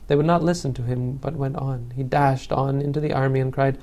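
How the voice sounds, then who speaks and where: A man reading an old legend aloud as a storyteller, in a measured, solemn way. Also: medium pitch, level tone, warm tone.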